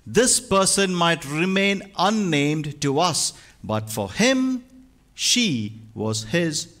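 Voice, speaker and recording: A male pastor preaching a sermon, moving from hushed, slow lines to loud, emphatic ones. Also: a little high, very animated.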